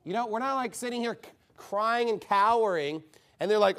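A man's voice: high-pitched, lively intonation, a little fast. A man preaching a fiery, combative sermon from the pulpit. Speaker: pastor.

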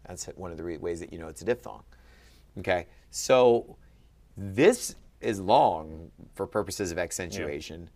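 Male teacher, low register, encouraging one-on-one quizzing. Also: unhurried, a little mellow. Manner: patient, quizzing, upbeat. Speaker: Ancient Greek teacher. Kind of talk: one-on-one lesson.

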